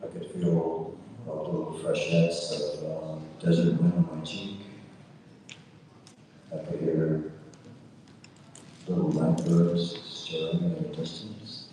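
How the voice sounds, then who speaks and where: Man, very low voice, unhurried and halting storyteller, distant in a long-reverb hall. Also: flat delivery, background noise. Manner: halting, with many "uh" fillers and repetitions. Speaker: storyteller recounting a personal experience. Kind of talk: slow reflective storytelling.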